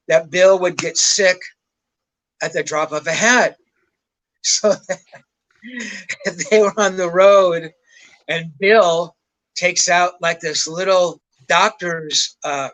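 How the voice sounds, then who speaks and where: An older man with a high-pitched voice tells stories as a guest on a show. He rambles, swears casually and chuckles at his own tales. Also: slow, pauses often, fairly bright tone, low-quality recording. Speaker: rock journalist guest. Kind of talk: casual anecdotal storytelling.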